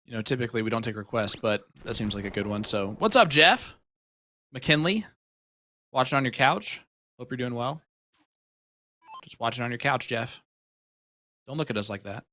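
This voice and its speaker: A man calling darts play-by-play with excited calls and playful banter. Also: mid-range voice, moderate pace, pauses often. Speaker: dart commentator. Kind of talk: live sports commentary, casual banter.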